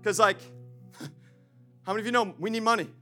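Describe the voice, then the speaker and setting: High, bright-voiced preaching man. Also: fairly quick, faint music behind. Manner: animated, swings from loud preaching to quiet storytelling; laughs often, talks to the congregation. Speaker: pastor. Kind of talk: sermon.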